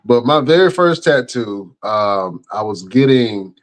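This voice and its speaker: A middle-aged podcast host, telling a story in casual chat with slangy asides. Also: male voice, medium pitch, expressive, unhurried.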